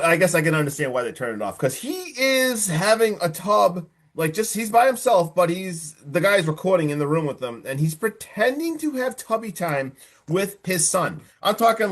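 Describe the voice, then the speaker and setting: A man hosting a podcast, recapping a film in a casual, animated way with lots of filler words. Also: on the high side. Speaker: podcast host.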